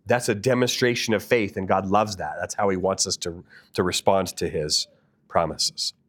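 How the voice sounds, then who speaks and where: A man's voice: sits low, steady tone, normal speed, fairly bright tone. A man preaching a sermon as a pastor, earnest and asking the listeners direct questions.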